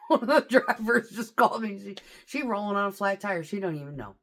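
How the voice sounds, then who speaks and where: A woman's voice: medium pitch, sing-song, moderate pace, slight background noise. A woman truck driver telling a story in a casual vlog, swearing freely and talking animatedly.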